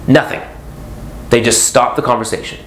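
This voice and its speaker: A man speaking as a motivational speaker in a vlog, sarcastic and jokey, breaking into sudden loud high bursts. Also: fairly even intonation, moderate pace, roomy sound, slight background noise. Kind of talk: animated vlog monologue.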